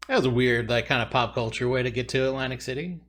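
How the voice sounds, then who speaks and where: Trying to recall answers, a man rambles and thinks aloud while hosting and playing along with a trivia video. He talks quickly in a medium-pitched, slightly bright voice.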